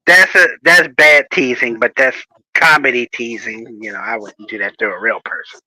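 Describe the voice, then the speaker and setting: A man chatting casually as host, telling animated stories and laughing often. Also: medium pitch, normal speed, no room sound, low-quality recording. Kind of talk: casual chat.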